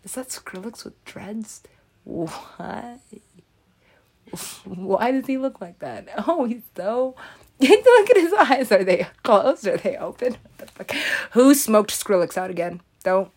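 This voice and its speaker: A woman drifting through a loose comedic ramble, giggling and swearing as she goes. She talks at an unhurried, drawn-out pace, her voice pitched in the middle range. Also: very animated, darkish tone, slightly rough.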